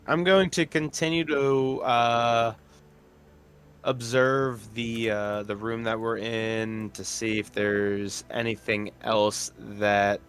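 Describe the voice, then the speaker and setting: Slow, hesitant male player. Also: lowish voice, fairly bright tone. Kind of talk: tabletop game play.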